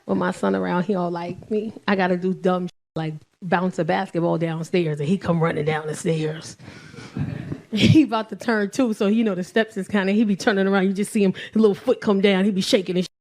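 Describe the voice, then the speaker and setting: A woman in her forties doing profane stand-up comedy, telling animated stories with loud shouted bursts. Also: medium pitch, brisk. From Belizean and Nigerian heritage. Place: comedy stage with live audience.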